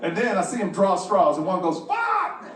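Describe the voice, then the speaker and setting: A man with a high, bright-pitched voice works through a stand-up routine, acting out the people in his story and swearing freely. He sits well back from the mic in a roomy space, and a noisy ambience runs under him. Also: a little fast, far from the mic. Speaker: stand-up comedian.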